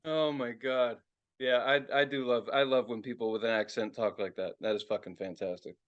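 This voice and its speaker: A man's voice: mid-range voice, moderate pace, lo-fi sound. A man co-hosting a podcast, chatting casually, laughing a lot, swearing and slipping into joking impressions. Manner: animated, laughing, profane, does joking voice impressions. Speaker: podcast co-host. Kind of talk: casual chat.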